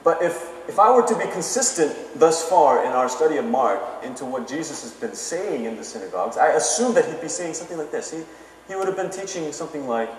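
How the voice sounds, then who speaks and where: A man's voice: fairly high pitch, animated, brisk, a little hiss or hum. A man preaching a sermon in a conversational way, often checking in with his listeners. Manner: conversational, keeps asking "okay?". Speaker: pastor. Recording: echoey hall, mic from far off.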